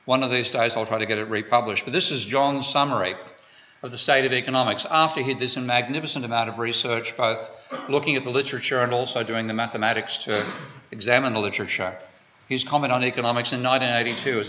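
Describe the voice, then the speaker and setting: A man's voice: medium pitch, fairly even intonation, fast, sharp tone. An Australian man giving an economics lecture, digressive and full of wry asides. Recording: dull lo-fi lecture recording.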